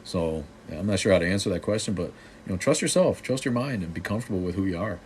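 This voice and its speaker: A middle-aged man with a very low voice, hosting a live stream and riffing on viewer comments. He is snarky and joking, and he talks loosely with many restarts. A faint hiss sits under the voice. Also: expressive, fast talker. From Boston.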